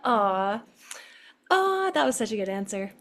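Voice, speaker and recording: A woman's voice: medium pitch, very animated, measured pace, a bit bright. A woman hosting a podcast interview, effusive and laughing often. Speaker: podcast host. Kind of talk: casual interview.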